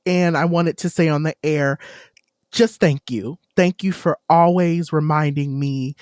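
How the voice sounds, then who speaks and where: Effusive woman co-host, warm praise, close dry mic. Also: low voice, unhurried, no room sound. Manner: emotional, effusive. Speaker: podcast co-host. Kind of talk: casual chat.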